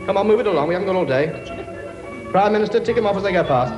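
A man's voice: sits high, animated, racing, highs cut off, music in the background. A man playing a brash, bossy working-class king in a radio comedy sketch. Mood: bossy, jokey. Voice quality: blunt, bossy, cheeky. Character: brash working-class king bossing his many children.

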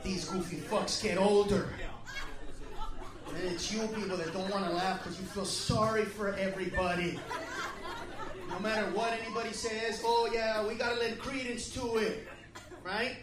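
A man with a very high voice rants through a brash, profane stand-up set, shouting his punchlines at the audience. He sounds far from the mic. The echoey club is full of crowd laughter and steady background noise. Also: moderate pace. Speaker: stand-up comedian. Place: comedy club stage with live audience.

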